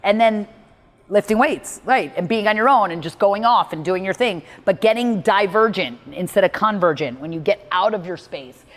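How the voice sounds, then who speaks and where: A woman's voice: mid-range voice, lively intonation, normal speed, big-room sound. A woman giving a motivational talk as a mindset coach, blunt and emphatic, with a lot of "like".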